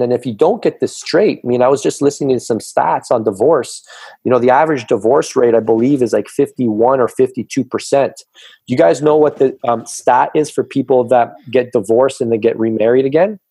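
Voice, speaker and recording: A man's voice: mid-range voice, normal speed, mellow, breathy edge, no room sound. A middle-aged man who is a guest on a podcast, talking as a fitness coach with emphatic, coaching conviction. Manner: emphatic, coaching tone, acts out quoted voices. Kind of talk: casual podcast conversation.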